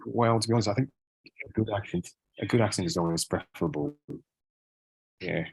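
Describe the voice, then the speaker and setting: A man with a very deep voice speaking as a guest in a casual interview. He talks in loose, repetitive phrases, checking in with "right?" and closing thoughts with "yeah.". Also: brisk, gravelly, slightly rough, low-quality recording. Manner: repeats himself, frequent "yeah" and "right?".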